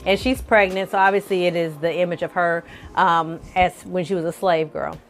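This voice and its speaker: A woman vlogger recapping a TV episode in casual, lively chat, calling her viewers y'all and honey. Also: fairly low pitch, moderate pace, faint music behind. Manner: animated, colloquial, addresses viewers as y'all and honey. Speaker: film review vlogger.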